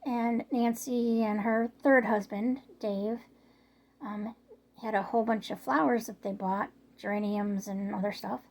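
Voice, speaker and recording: A middle-aged woman vlogging about her neighbors, her voice a little hoarse, rambling along with lots of filler words. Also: fairly high pitch, steady tone, measured pace, a little mellow. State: slightly hoarse from yelling. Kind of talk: casual storytelling vlog.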